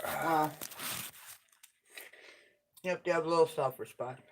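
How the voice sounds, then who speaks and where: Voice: medium pitch, unhurried, gravelly, slight background noise, rough recording. A livestream host in casual chat at home, blunt and opinionated, swearing freely.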